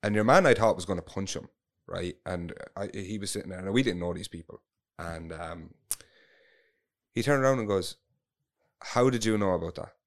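A man's voice: deep voice, normal speed. An Irish man telling a long story in casual chat, rambling, swearing freely and restarting his sentences.

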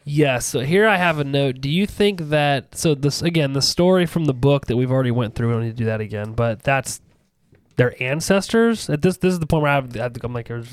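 A man's voice: medium pitch, lively intonation, brisk, clear, resonant tone, no room sound. Rambling man chatting about a film. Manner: rambling, self-correcting, swears casually. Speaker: podcast host. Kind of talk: casual film discussion.

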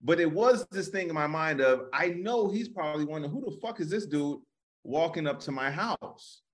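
A man co-hosting a comedy podcast, telling a story in a relaxed, rambling, casual way. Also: a little high, moderate pace. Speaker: comedian co-host.

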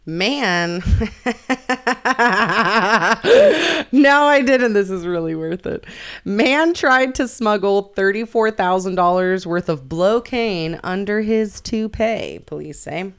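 A woman's voice: mid-range voice, smooth. Giggly young woman reading headlines. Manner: giggly, playful, quick to laugh. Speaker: podcast co-host. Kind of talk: casual chat, reading news headlines.

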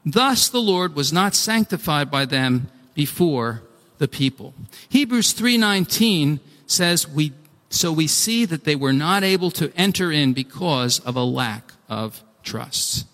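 A man preaching a sermon, animated and acting out pleas, with frequent restarts. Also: on the high side, measured pace. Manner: animated, acts out pleading voices, restarts often. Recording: long hall reverb.

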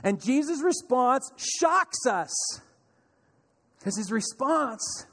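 Male pastor, high voice, lively sermon with acted-out panic and soft calm replies, long hall reverb. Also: drawn-out words.

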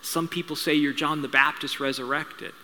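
Brief: a male preacher doing an eager impulsive man, bright forceful voice, big hall echo. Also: fairly high pitch, fairly even intonation, moderate pace. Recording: reverberant hall sound.

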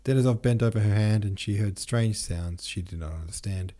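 Low husky guy reading a novel aloud, dark mellow tone. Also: a little fast. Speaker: podcast host, reader. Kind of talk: scripted narration.

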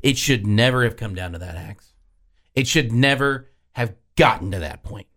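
A man's voice: on the low side, animated, moderate pace, a bit bright. A man hosting a sports talk radio show, talking in an exasperated, sarcastic way.

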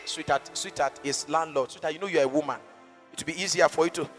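A man voicing a timid, frightened husband who stammers and pleads in a hushed voice. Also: a little high, fast, long reverb tail, soft background music, pitched below the performer's own voice. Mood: scared whimpering.

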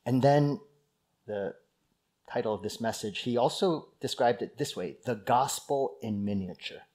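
A male pastor delivers a sermon in a relaxed, conversational teaching voice. He leans hard on key words to make his points, and his pitch sits in the middle for a man. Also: measured pace.

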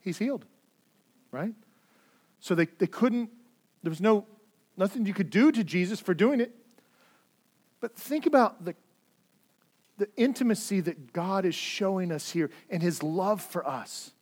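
A man preaching a sermon as pastor, earnest, repeating words as he stresses points and swinging between loud and hushed delivery. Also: high voice, lively intonation, unhurried, long pauses.

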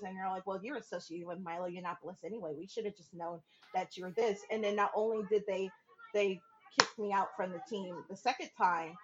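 A woman's voice: medium pitch, highs cut off. A woman, a podcast guest, telling a personal story in casual chat, swearing freely and acting out what others said. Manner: animated, acts out quoted voices, laughs often, swears freely.

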